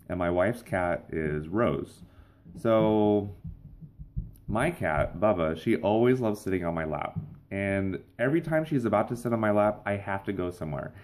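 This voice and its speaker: Young male vlog host, playful and rambling, slightly low voice. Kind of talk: casual vlog monologue.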